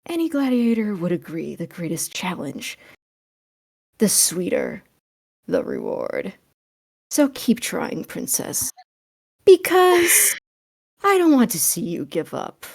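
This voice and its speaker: A woman doing a sly, fanged woman in a tabletop role-play. She purrs her lines low and soft and stretches them out. The teasing stays even throughout. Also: takes it slowly, long pauses, no room sound, studio quality, exaggerated voice.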